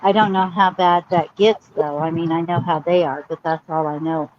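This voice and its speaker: A woman's voice: lowish voice, fairly even intonation, moderate pace. Lady chatting, blunt and fired up, slightly dull faint-hiss audio. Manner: opinionated and indignant. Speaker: co-host. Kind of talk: casual chat about a news case. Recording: dull lo-fi sound with faint noise.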